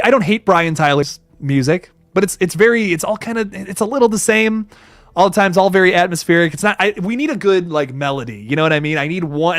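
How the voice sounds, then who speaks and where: A young man hosting a live horror movie talk stream, chatting casually and reading comments, excitable and rambling, swearing often and laughing a lot. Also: a little high, dry recording.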